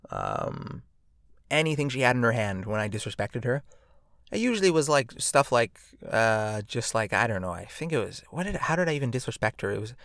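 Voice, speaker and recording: A man's voice: mid-range voice, very animated, a little fast, vocal fry, fairly bright tone, no room sound, studio quality. A man hosting a podcast alone, rambling and joking with lots of fillers and tag questions. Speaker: podcast host. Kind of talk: casual podcast monologue.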